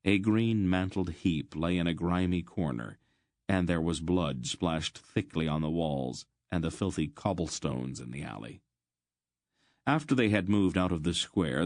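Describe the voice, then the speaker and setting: A man narrating an audiobook in a measured storytelling manner. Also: sits low, no echo, studio quality.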